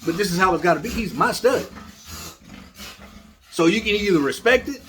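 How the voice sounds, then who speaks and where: A man's voice: high-pitched, lively intonation, moderate pace, fairly bright tone, a little hiss or hum. A man who breeds dogs, telling a story in a blunt, casual way and talking straight to his viewers. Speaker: dog breeder.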